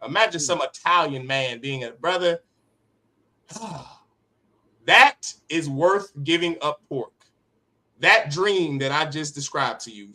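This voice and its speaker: A man preaches to a class with a fiery, forceful delivery and a fairly high voice. His tone is sharp and bright, and he hammers points home by repeating phrases. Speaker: teacher of a religious class. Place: classroom with others present.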